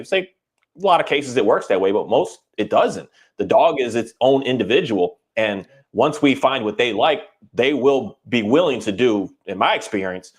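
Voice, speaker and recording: A man in casual podcast conversation who talks earnestly and rambles, often acting out what owners and dogs would say in a higher voice.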